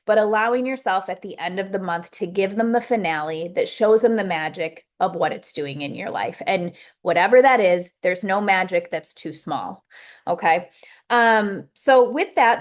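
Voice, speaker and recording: A woman who leads a sales team, giving a casual motivational coaching talk. She rambles in a chatty way, full of fillers and restarts. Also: mid-range voice. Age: adult with a child.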